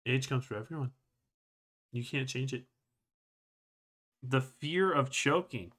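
A young man hosting a joking comedic commentary video, playful and jokey, often jumping into high squealing exclamations. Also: slow pace, fairly bright tone. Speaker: streamer and video host.

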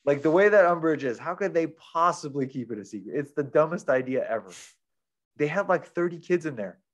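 A man's voice: fairly high pitch, lively intonation, brisk, dull audio. A man retelling a book plot in casual chat as a podcast reviewer, rambling with lots of fillers.

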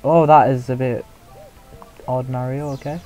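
A young man streams a game and chats with his viewers, teasing himself about his play and laughing often. His voice sits at an ordinary middle pitch. Faint game music plays behind him. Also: little pitch movement, unhurried, rough recording. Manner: self-mocking, chatty, reacts loudly and laughs often. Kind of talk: casual live gameplay commentary.

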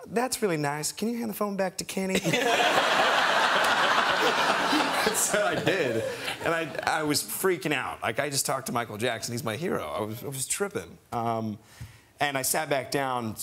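Young male guest, bright voice, rambling and animated, faint hiss under it. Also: medium pitch, a little fast. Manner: rambling, animated storytelling with laughs. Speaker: talk show guest. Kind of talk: anecdote on a talk show. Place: TV studio.

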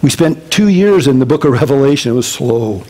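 A male pastor giving a casual Bible-teaching sermon to his congregation, animated and conversational with joking asides. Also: mid-range voice, fairly quick. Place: church service before a congregation.

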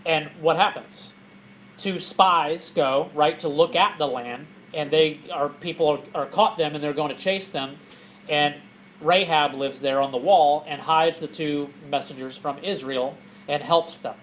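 A man, a pastor, teaching a Bible study to a group in a church, animated and often laughing as he asks questions. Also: on the high side, measured pace, slight background noise, rough recording.

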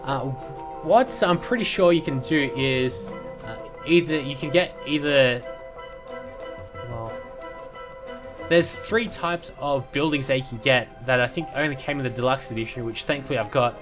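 A man's voice: medium pitch, a little slow, over music. A man giving casual, rambling commentary while playing a city-building game, with lots of fillers and restarts. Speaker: let's play commentator.

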